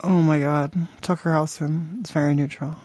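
A man's voice: on the high side, level tone, moderate pace, a little mellow. A man hosting a crude prank call podcast, mocking and rambling with lots of profanity.

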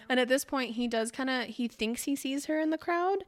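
On a book podcast, a co-host with a high voice and moderate pace chats animatedly about a novel's plot. Her casual retelling is packed with "like" fillers and frequent laughter.

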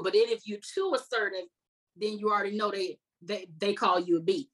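A woman's voice: mid-range voice, a little fast, husky, rough recording. A woman in her thirties, an army veteran guest, telling her story candidly with an earnest, self-mocking manner. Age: 30s. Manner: earnest, reflective, laughs at herself.

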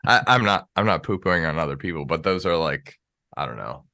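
A man's voice: extremely low pitch, expressive, a little fast, sharp tone. An American man hosting a podcast, chatting casually in a rambling way with lots of filler words. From United States. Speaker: podcast host. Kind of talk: casual interview chat.

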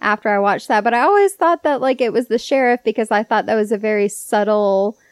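A woman's voice: a little high, brisk, no echo. A woman guest on a casual podcast, talking chattily with lots of hesitations and fillers.

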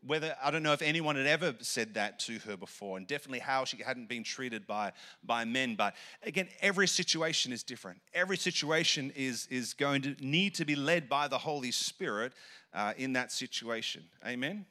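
Bright-voiced Australian man preaching. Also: mid-range voice, expressive, brisk. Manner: rambling, conversational storytelling with many restarts. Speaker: pastor. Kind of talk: sermon.

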